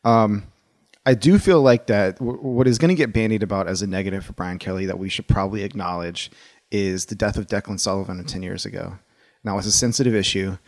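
A lower-voiced man giving his take on a college football hire in a loose, opinionated way, often restarting his sentences. His voice is recorded close and dry, with no room sound. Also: a little fast, no echo. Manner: animated, opinionated, rambling with restarts. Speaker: sports podcast co-host. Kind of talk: casual sports talk.

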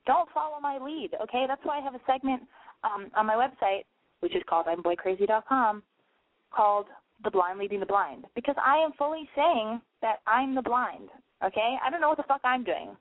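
A young woman with a slightly high, expressive voice hosts a call-in advice show, ranting bluntly and profanely as she rambles along fairly quickly like online radio. A cold makes her sound nasal, and the audio comes through a dry, tinny, phone-like line with no echo.

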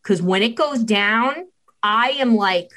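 Animated woman telling parenting stories. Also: mid-range voice, slow, rough recording. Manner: animated, acts out dialogue in shifting voices. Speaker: parenting expert guest. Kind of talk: casual storytelling chat.

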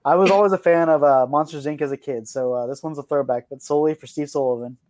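A man co-hosting a casual sports podcast, listing favorites with quick enthusiasm. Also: a little high, fairly even intonation, darkish tone, a little hiss or hum. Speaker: podcast co-host. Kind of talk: casual chat.

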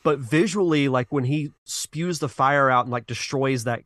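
A man's voice: mid-range voice, moderate pace, fairly bright tone, no echo, studio quality. A man co-hosting a podcast, chatting casually and earnestly about games and movies, often restarting his sentences as he reasons aloud. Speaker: podcast co-host.

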